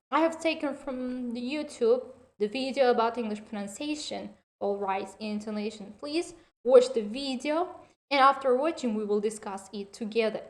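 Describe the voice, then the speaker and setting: A fairly high-pitched woman teacher gives a recorded lesson to her students, speaking deliberately and instructively with slightly non-standard English phrasing. She asks questions and answers them herself, and she often praises her class.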